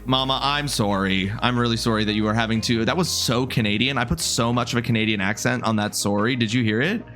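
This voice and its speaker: A man's voice: mid-range voice, fairly even intonation, quick pace, a bit bright, faint music behind. Chatty, joking male game streamer. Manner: chatty and joking, greets viewers by name, wanders off mid-sentence. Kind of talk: casual live-stream chat with viewers.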